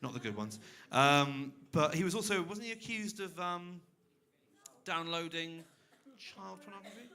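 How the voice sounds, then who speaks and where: Young male comic, fairly high bright voice, deadpan self-mockery on a club stage mic. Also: a little slow. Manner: dry, self-mocking, chatting with the crowd. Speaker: stand-up comedian. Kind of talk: stand-up comedy set. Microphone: handheld stage mic.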